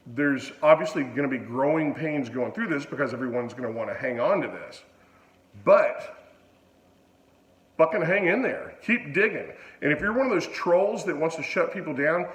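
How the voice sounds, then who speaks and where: A man's voice: medium pitch, a bit bright, reverberant, low-quality recording. A man hosting his own channel, ranting in a blunt, profane, rambling casual way. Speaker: channel host. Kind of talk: casual vlog rant.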